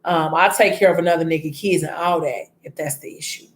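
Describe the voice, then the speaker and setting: Give me a heartbroken young man pleading in a low, rushed voice, as a woman puts him on while retelling a story. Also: steady tone, reverberant, natural voice.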